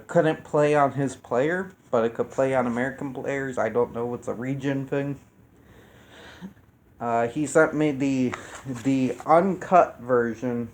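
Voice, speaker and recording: A man's voice: medium pitch, a little hiss or hum. A man reviewing a film in casual chat to the camera, rambling and cursing freely, often restarting his sentences. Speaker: YouTube reviewer.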